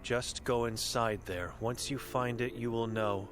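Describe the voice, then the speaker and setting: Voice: mid-range voice, fairly even intonation, a little slow, noisy background, close to an everyday voice. A voice actor playing a blind, mute old woman hermit in a video game, speaking in terse, broken, solemn sentences. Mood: ominous. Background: game music.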